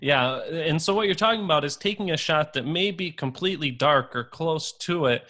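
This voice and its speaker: A man's voice: on the high side, normal speed, bright, forceful tone. A man hosting a podcast, chatty and upbeat, telling stories and leading the conversation. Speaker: podcast host. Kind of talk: casual interview chat.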